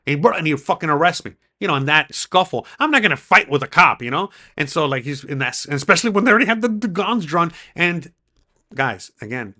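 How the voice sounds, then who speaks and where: A man vlogging, telling a story to camera in an excitable way, swearing freely and acting out what people said. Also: on the high side, a little fast. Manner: excitable, swearing, acts out the quoted dialogue.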